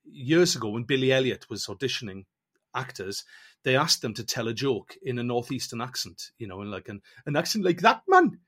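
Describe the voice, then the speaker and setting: Over a call, a male co-host chats with a guest and brings a casual podcast to a close. He speaks briskly in a mid-range, husky voice with a fairly bright tone and lively intonation.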